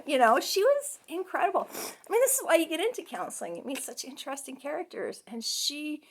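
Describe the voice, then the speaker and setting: A middle-aged woman with a high voice talks through a class case presentation as a counseling student. Her speech is loose and chatty, full of "you know" and "um", and she often breaks into laughs. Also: very animated, brisk. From Canada.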